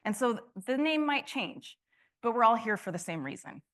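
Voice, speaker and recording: A woman's voice: a little high, big pitch swings, normal speed, fairly bright tone. A woman giving a conference talk to a room, passionate, often restarting and asking the audience questions. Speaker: conference speaker.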